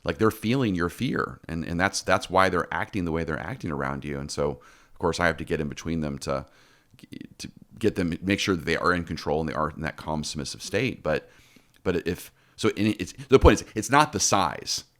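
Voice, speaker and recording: Deep-voiced man telling stories, full of restarts. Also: expressive, fairly quick, fairly bright tone. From Texas. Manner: storytelling with many restarts and repeated words. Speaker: podcast host. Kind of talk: casual podcast chat.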